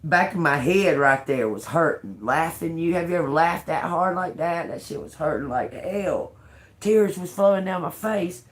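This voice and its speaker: A woman's voice: on the low side, animated, moderate pace. A woman tarot reader chatting casually to her viewers, laughing through her words, cursing freely and calling them y'all.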